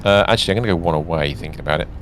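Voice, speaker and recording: Low-voiced man thinking aloud. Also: rapid-fire, a little hiss or hum. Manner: thinks aloud while building, chatty. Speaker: streamer host. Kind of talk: casual gaming chat.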